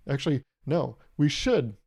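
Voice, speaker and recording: Joking young man with a mellow voice. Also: mid-range voice, very animated, slow pace, creaky. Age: 20s. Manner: rambling, jokey, swears freely, acts out quotes. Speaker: podcast host. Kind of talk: casual solo podcast monologue.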